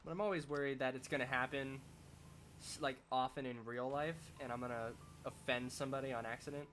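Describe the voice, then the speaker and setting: A man's voice: mid-range voice, fairly even intonation, fairly quick, a bit bright, soft background music. A young man streaming a game, chatting casually and rambling as he thinks aloud, often restarting his sentences. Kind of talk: casual chat while playing a game.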